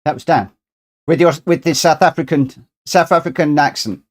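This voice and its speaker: A man's voice: fairly high pitch, moderate pace. A man chatting casually on a live stream while he plays a racing game, rambling and thinking aloud as he sorts out his settings. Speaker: streamer hosting a racing lobby.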